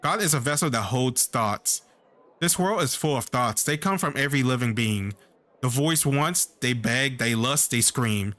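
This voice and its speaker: A man's voice: mid-range voice, expressive, unhurried, fairly bright tone, dry recording. A man reading the lines of a mocking, lofty woman who lectures about gods in a video game. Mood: musing.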